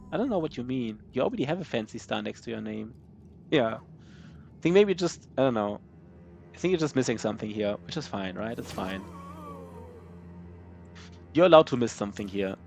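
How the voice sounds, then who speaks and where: A man's voice: medium pitch, sing-song, brisk, gravelly, pauses often, a little mellow, faint music behind. A man streaming a strategy game live, answering his chat in a loose, rambling way with many fillers and restarts. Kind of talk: casual live-stream chat while gaming.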